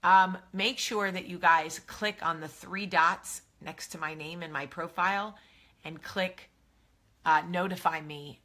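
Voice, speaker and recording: A woman's voice: on the low side, fairly even intonation, a little slow, sharp tone. A woman in her thirties hosting a live video, talking candidly and animatedly as she gives personal advice in a casual monologue. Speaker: host of a live video show. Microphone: phone or webcam, live video.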